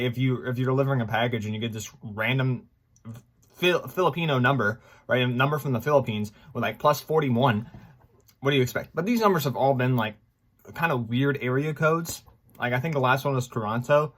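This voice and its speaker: A man in his twenties talking to his viewers in a casual, rambling vlog, excitable and full of fillers. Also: medium pitch. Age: 20s. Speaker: gaming YouTuber.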